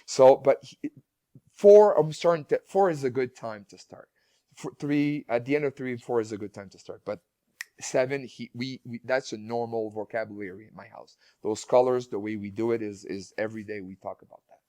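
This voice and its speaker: Halting man telling a family story. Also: medium pitch, dark tone, dry recording, studio quality. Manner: halting, many restarts and repeated words. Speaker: guest speaker, parent. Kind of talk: casual interview storytelling.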